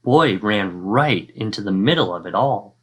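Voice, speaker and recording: Reading a picture book aloud to children, this male fourth-grade teacher performs the sound effects and tells the story with expression. He speaks in a fairly low, slightly rough voice, never hurrying.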